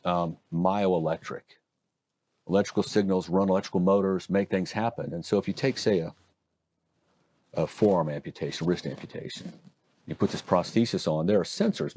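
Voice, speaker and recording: Man, middle-aged, very deep voice, from Oregon, interview guest, folksy storyteller. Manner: folksy, animated explainer with asides. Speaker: hand surgeon guest.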